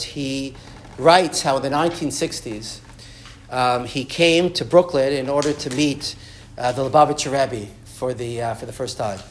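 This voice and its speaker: A man's voice: medium pitch, a little hiss or hum. A man giving a Torah class. He reads Hebrew and Aramaic sources, translates them line by line, and often restarts and repeats words as he explains. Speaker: Torah teacher.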